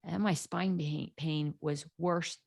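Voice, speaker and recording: Casting note: middle-aged woman guest, slightly low voice, animated storyteller doing quoted voices. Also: slow, gravelly. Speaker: podcast guest. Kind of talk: casual storytelling interview.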